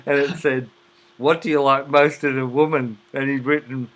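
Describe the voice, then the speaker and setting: A man with a bright, forceful voice at a middling pitch, chatting casually. He shares jokes eagerly and laughs loudly at them. He talks in an open, chatty way. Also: fairly even intonation, normal speed, low-quality recording. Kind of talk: casual chat.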